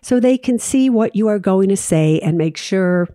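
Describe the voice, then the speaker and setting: A woman's voice: medium pitch, animated, moderate pace, warm tone, no room sound, studio quality. A woman hosting a money advice show, speaking directly and emphatically to her listeners and repeating key phrases for weight. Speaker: financial advice host.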